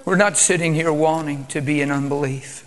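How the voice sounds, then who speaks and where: A male preacher, subdued, calm and quiet, moving between prayer and a reverent sermon. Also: a little high, moderate pace.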